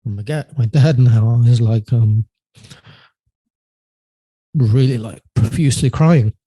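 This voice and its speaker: A man telling a personal story as a podcast guest, halting and hesitant, often trailing off quietly. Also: mid-range voice, husky, no echo.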